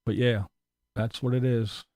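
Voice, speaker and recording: Gravelly, profane man mocking on a live stream. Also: medium pitch, fairly even intonation, a little slow, mellow, no echo. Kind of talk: casual live stream commentary.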